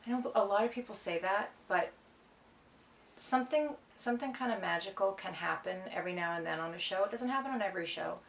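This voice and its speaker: A middle-aged Canadian actress reads fan questions aloud and answers them playfully, joking as she goes, in a casual self-recorded Q&A. Her voice is gravelly, medium-pitched and quick, with a little hiss or hum. The room is echoey and she sits far from the mic.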